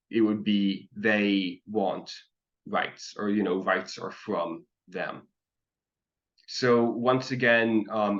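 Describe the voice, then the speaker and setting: Low-voiced man teaching a language class online. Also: fairly bright tone. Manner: patient, explains step by step with frequent ums. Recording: dull lo-fi call audio.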